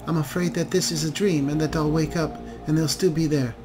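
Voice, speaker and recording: A man's voice: fairly high pitch, fairly even intonation, fairly quick, over music, pitched above the performer's own voice, close to an everyday voice. A man voicing a haunted, frightened young woman elf who talks anxiously and turns accusing. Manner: anxious, pleading, bursts of accusation.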